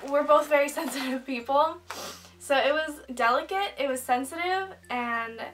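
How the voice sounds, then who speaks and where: A woman's voice: high-pitched, moderate pace, a bit bright, distant mic, slight background noise, poor audio. A woman in her twenties talking candidly while doing her makeup, heartfelt and rambling, choked up at times. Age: 20s. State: getting emotional, choked up. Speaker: beauty vlogger. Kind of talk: get-ready-with-me vlog chat. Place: indoors at home, doing makeup.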